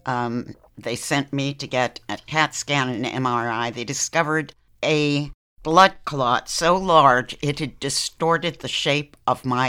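An older woman, a podcast guest, recounting a personal story in a lively conversational way, laughing now and then. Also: a bass voice, clean tone.

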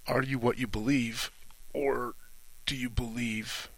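A middle-aged man, a retired Navy officer, talking through a reflective solo monologue in short, halting, thoughtful phrases. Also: medium pitch, fairly even intonation, fairly bright tone, no echo, poor audio.

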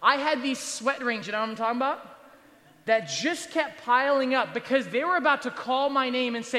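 A man in his thirties preaches to students with a very high, strikingly bright voice. He keeps it conversational, tossing in jokes and quick asides. His voice rings out through the long reverb of a big chapel hall. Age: 30s. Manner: conversational and joking, with rhetorical asides. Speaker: pastor. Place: large university chapel, standing at the altar.

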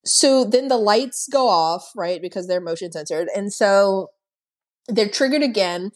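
A woman's voice: mid-range voice, animated, unhurried. A woman co-hosting a podcast, casually recapping a movie with plenty of swearing and laughter. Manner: profane, laughing storyteller. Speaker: podcast co-host.

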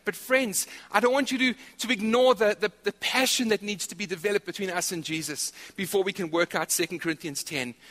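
Male pastor, lively repetitive sermon delivery, bright tone, recorded in a reverberant church hall. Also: high-pitched. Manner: animated preaching with repetitions.

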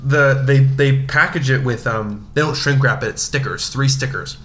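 A man's voice: medium pitch, normal speed, fairly bright tone. A young man co-hosting a casual chat, laid-back and dry, rambling through his stories.

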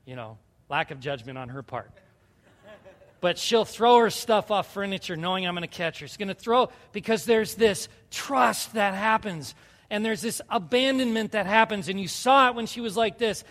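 A man's voice: high voice, animated, moderate pace, a bit bright. A man in his thirties preaching a sermon as pastor, earnest and conversational, building to fervent appeals. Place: church sanctuary. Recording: reverberant hall.

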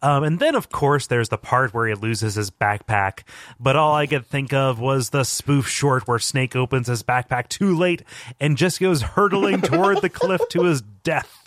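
A man's voice: mid-range voice, measured pace, fairly bright tone, no echo, studio quality. A man co-hosting a casual podcast, reading a listener's email aloud and laughing often, tired after a long day of recording.

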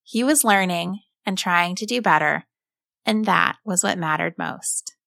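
A woman calmly and expressively narrating a children's story as a storyteller. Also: fairly low pitch, unhurried, creaky, dry recording, clean studio sound. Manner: calm, expressive read-aloud.

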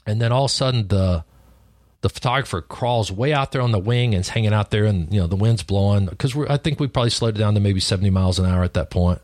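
A man telling a personal story in a relaxed, conversational way, often restarting his sentences. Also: lowish voice, fast talker, no room sound, studio quality. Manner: conversational, lively retelling with frequent restarts. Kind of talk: personal story told casually.

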